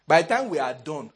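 A man preaching a sermon in an animated, humorous way, laughing often. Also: fairly high pitch, breathy edge. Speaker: pastor.

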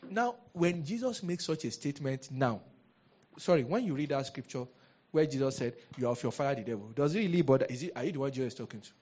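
A man preaching a sermon as a pastor, lively and rhetorical, often asking the congregation questions. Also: fairly high pitch, fast.

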